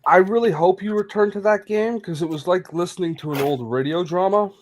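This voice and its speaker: A man's voice: high voice, brisk, a little hiss or hum. A man offering friendly, slightly hesitant remarks in a group chat. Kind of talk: casual group chat on a stream.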